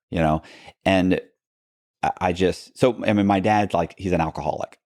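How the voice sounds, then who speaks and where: A man's voice: deep voice, fairly even intonation, normal speed, darkish tone, no echo, studio quality. A man, a podcast guest, telling a long story in a casual, rambling way, full of restarts and asides and acting out what people said.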